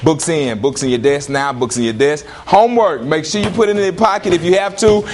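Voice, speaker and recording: A male teacher leading a classroom lesson, firing questions at students in lively call-and-response. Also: on the high side, brisk, few pauses, music in the background.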